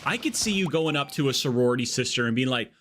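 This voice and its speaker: Faint music plays behind a man streaming a game live, whose fast, animated, mid-range voice has a fairly bright tone. He chats casually into an earbud mic, joking and drifting off on tangents.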